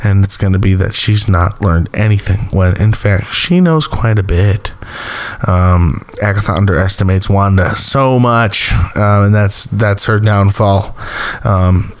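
A man's voice: sits low, measured pace. A man casually recapping a TV episode, rambling with lots of fillers and small chuckles. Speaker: TV recap host.

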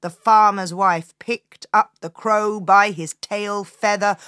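A woman hosting a storytelling podcast, telling a folk tale to children in an expressive, inviting way. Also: mid-range voice, takes it slowly, hardly any pauses, smooth, no room sound, clean studio sound. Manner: expressive, inviting the listener to join in.

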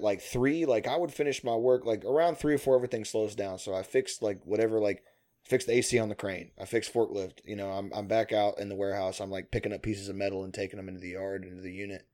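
A man's voice: lowish voice, warm tone. A man in casual chat, telling long rambling stories full of swearing and frequent laughter.

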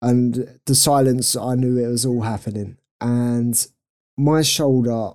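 Young male podcast co-host, warm low-toned voice, self-mocking and giggly. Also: steady tone, slow pace. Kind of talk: casual storytelling chat.

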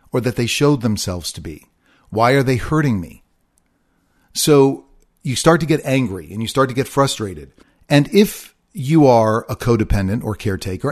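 A middle-aged man hosting a solo podcast, talking in an earnest, confessional way and repeating his phrases. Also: medium pitch. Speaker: podcast host.

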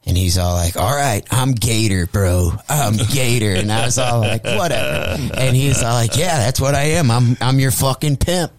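A male comedian from St. Louis telling a crude story on a radio show, profane and animated, acting out the voices in his tale. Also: mid-range voice, moderate pace, few pauses, no room sound. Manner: profane, animated, acts out quotes. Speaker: comedian guest.

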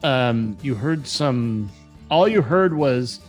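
Brief: male game master, unhurried, pauses and fillers, mid pitch. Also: animated, darkish tone, soft background music. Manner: halting, many fillers. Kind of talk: narrating a tabletop game.

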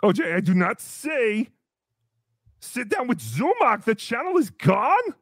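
A man playing a cheery, childish host character in a comedy livestream, talking in a sweet, drawn-out, sing-song way. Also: extremely high pitch, sing-song, a bit bright, no room sound, clean studio sound, exaggerated voice. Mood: bewildered.

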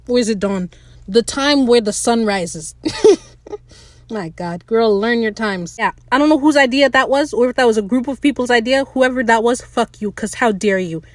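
A podcast host with a voice on the high side rants excitedly and casually about a TV episode, cursing freely. She addresses her listeners directly, and the recording has no room sound.

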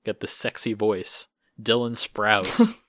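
A man's voice: lowish voice, steady tone, slow pace, a bit bright. A man hosting a casual podcast chat, rambling with lots of fillers and restarts. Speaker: host.

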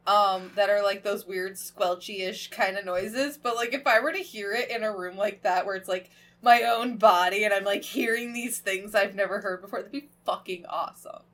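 A woman's voice: medium pitch, fairly even intonation, normal speed, fairly bright tone. A young woman co-hosting a podcast, chatting casually, swearing freely and filling her talk with "like". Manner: swearing, laughing, lots of "like" fillers. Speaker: podcast co-host. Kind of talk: casual chat.

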